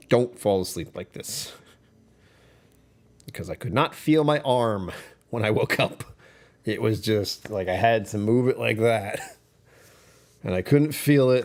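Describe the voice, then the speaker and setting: Man, somewhat low voice, casual livestream chat, rambling, self-deprecating, laughs a lot. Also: a little mellow. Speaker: whiskey channel host.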